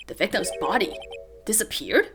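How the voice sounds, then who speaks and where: A woman reading the lines of a calm young male defense lawyer in a game, asking dry, quiet questions. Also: mid-range voice, moderate pace, faint music behind. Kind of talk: reading game dialogue aloud.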